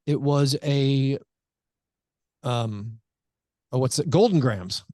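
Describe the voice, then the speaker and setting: A man's voice: medium pitch, slow pace, dark tone, no room sound, clean studio sound. A man hosting a podcast in casual chat, rambling along with many fillers and restarts. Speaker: podcast host.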